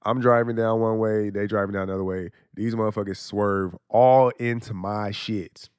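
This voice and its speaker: A man's voice: fairly low pitch, fairly even intonation, moderate pace, smooth, no room sound, clean studio sound. A young adult man hosting a podcast, talking in a blunt, profane, casual monologue and laughing often. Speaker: podcast host.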